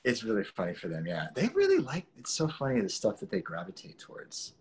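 A man in his forties, an actor being interviewed, talking in a relaxed, rambling way with restarts and laughs. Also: fairly low pitch, brisk, slight background noise. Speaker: actor guest. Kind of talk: casual interview chat.

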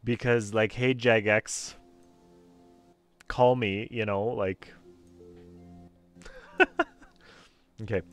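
A man's voice: fairly low pitch, steady tone, extremely slow, pauses often, fairly bright tone, soft background music. A young Canadian man streaming a video game, joking around, laughing and swearing casually.

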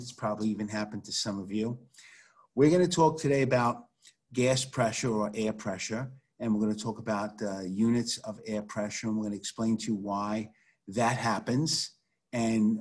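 Man, middle-aged, chemistry teacher, online class, husky, conversational storytelling, video call. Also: on the low side, a little mellow.

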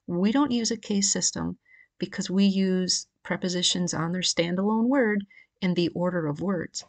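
A woman's voice: fairly low pitch, moderate pace. A woman giving a recorded grammar lecture, explaining patiently and reading through the cases from a grammar book. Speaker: Greek grammar teacher. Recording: questionable home audio.

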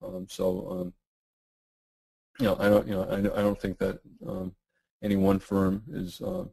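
A middle-aged man, losing his voice and clearing his throat, answering webinar questions in a halting way with many fillers and restarts. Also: low-pitched, monotone, warm tone, dry recording, low-quality recording. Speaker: guest trading educator.

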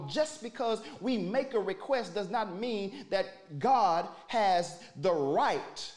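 A pastor delivering a sermon, preaching emphatically with repeated phrases and rising and falling loudness. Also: mid-range voice.

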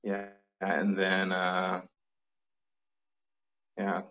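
A man in his thirties chatting casually on a video call in a plain, steady monotone. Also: low-pitched, extremely slow. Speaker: guest host reading questions. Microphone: built-in computer mic on a video call. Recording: dull lo-fi call audio.

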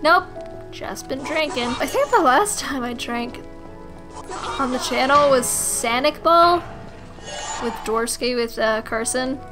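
A woman's voice: high voice, expressive, slow. A tipsy young woman giving brash, foul-mouthed let's-play commentary as the host. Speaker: gaming host. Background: game music.

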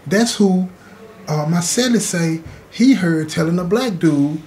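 This host of his own channel has a high-sitting, expressive, a little mellow voice and an unhurried delivery. He relates a story in a chatty way, often addressing the listener directly and saying "you know what I'm saying." There's slight background noise.

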